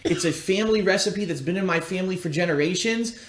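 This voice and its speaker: Man, rambling stream chat, a bit high-pitched, roomy echoey audio. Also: fast talker. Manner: rambling, loose, teasing. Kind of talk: casual live-stream chat.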